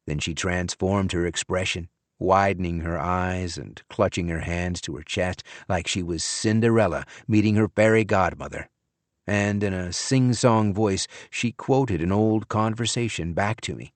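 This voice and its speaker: A man giving measured first-person narration of an audiobook. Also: deep voice, no room sound. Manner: measured, even storytelling.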